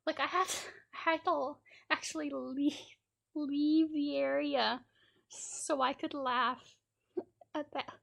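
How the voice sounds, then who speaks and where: A woman's voice: sits high, steady tone, slow, vocal fry, fairly bright tone. A woman streamer from Canada telling rambling, laughing anecdotes in a casual chat and acting out children's lines.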